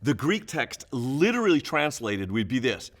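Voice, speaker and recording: Animated male pastor teaching scripture. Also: mid-range voice, moderate pace. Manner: animated, emphatic explaining with chuckles. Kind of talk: Bible teaching for small groups.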